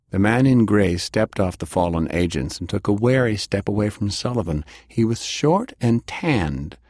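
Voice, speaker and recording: A man narrating an audiobook in a lively reading style. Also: low voice, dry recording, clean studio sound.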